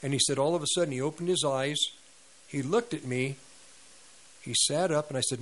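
A man's voice: a little high, fairly quick, long pauses, fairly bright tone, rough recording. A man preaching on a radio ministry, retelling a story with quoted dialogue and sound effects. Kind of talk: sermon storytelling.

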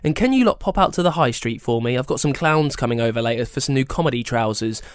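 A storyteller voicing a chatty, eccentric elderly grandmother who sews, with a fussy, high-pitched manner. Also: lively intonation, fast talker, no room sound, clean studio sound, natural voice. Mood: cheerful. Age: older.

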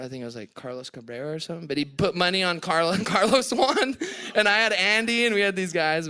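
A man's voice: on the high side, sharp tone, clear, resonant tone. A young Hawaiian man with a Hawaiian accent, a podcast guest telling a story on stage, laughing and acting out quotes. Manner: laughing, breathless retelling with voiced quotes. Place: live event on stage.

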